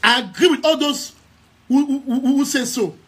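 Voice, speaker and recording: A young man from Southern Cameroons, who is an activist and heads a news outlet, speaks to his followers on a live stream in a Cameroonian English accent. His voice is extremely high-pitched at normal speed, and he's emphatic, repeating key phrases and stammering into frequent restarts.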